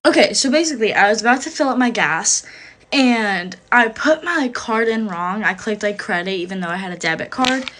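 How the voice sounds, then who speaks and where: A woman's voice: medium pitch, lively intonation, moderate pace, a bit bright, slight background noise. A young woman telling a story in a casual vlog, chatty and full of "like". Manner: chatty, fills every phrase with "like".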